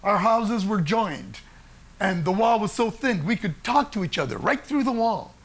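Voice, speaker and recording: An older man telling a true story on stage in an animated way, often laughing between lines. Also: sits high, normal speed. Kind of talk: theatrical solo storytelling.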